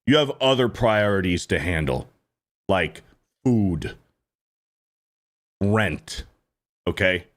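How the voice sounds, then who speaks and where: Male host, lively swinging pitch, profane ranting, blunt reaction commentary. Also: slow pace, long pauses.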